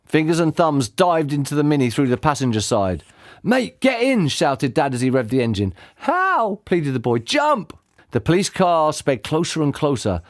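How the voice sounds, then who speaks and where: A man reading a children's book aloud as an audiobook narrator, with expressive delivery. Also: mid-range voice, brisk, hardly any pauses, dry recording, studio quality. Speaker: audiobook reader. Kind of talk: storybook narration.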